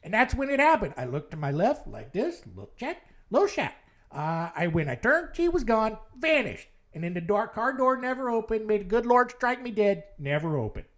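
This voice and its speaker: A man voicing a gruff middle-aged Chicago cab driver with a Chicago accent, telling his story bluntly and insistently. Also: high-pitched, very animated, normal speed, fairly bright tone, voice pushed up.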